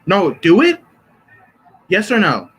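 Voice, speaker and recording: A man's voice: sits high, huge pitch swings, takes it slowly, fairly bright tone, husky, poor audio. Rambling young male streamer. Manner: rambling, joking, profane. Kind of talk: casual live-stream chat. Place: bedroom.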